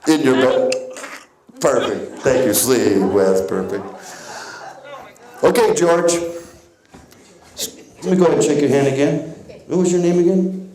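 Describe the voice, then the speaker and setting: A man working as a stage hypnotist, guiding volunteers with slow suggestions and chuckling at their answers. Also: a little high, mellow, reverberant, low-quality recording. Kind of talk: comedy hypnosis stage patter. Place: theater stage before a live audience.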